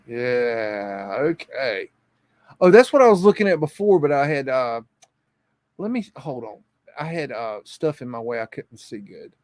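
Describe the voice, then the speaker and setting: A man hosts a casual live stream, thinking aloud and reacting to what he sees. He rambles, chuckles and repeats himself as he goes. His voice sits at an average pitch, recorded close and dry. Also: sing-song, unhurried, a little mellow, dry recording. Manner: repeats words while reacting to images.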